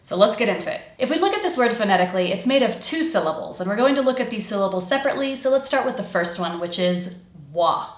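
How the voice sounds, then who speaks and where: A woman's voice: a little high, lively intonation, very fast, hardly any pauses. American woman teaching pronunciation, echoey room. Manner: clear and demonstrative, stretching and exaggerating sounds. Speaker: accent coach. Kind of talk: pronunciation lesson.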